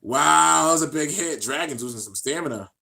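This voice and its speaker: A man giving excited, slangy play-by-play commentary while reacting to an anime, shouting out at the big moments. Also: on the high side, a little fast, gravelly.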